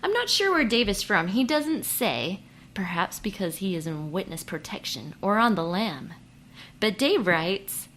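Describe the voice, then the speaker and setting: Woman, podcast host, comedic, self-mocking, bright tense voice, casual chat. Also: medium pitch, big pitch swings, a little slow. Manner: playful, jokey, self-mocking. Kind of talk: comedic podcast chat reading listener mail.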